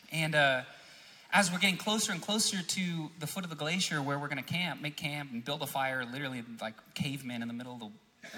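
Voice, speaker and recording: High bright-voiced young male preacher. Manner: animated, builds to shouting emphasis. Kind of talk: sermon with storytelling. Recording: echoey hall reverb.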